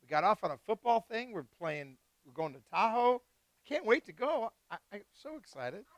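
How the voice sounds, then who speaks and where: A man hosting a live wine tasting, chatting casually and excitedly with guests and swearing freely. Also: high voice, normal speed, no room sound. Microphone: live stream mic.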